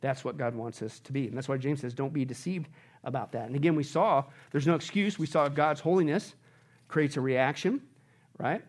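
A man preaching a sermon, asking the congregation quick questions and swinging between loud emphatic bursts and low, quiet stretches. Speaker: pastor.

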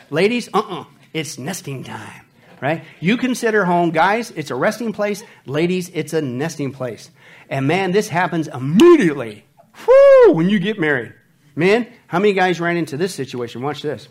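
A man's voice: on the high side, moderate pace. A man preaching a humorous sermon, acting out little scenes and voices. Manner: animated, acts out voices and scenes. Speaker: pastor.

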